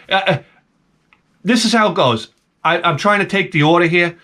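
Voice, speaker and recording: A man's voice: high voice, moderate pace, bright, forceful tone. A man telling a comic rant about a bad day, exasperated, profane and self-mocking. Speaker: comedy vlogger.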